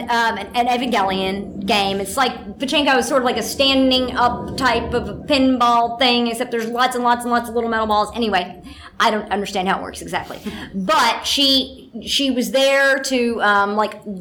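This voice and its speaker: A woman's voice: medium pitch, a bit bright. A woman voice actress telling a rambling story in a casual interview, full of fillers and asides. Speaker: voice actress guest.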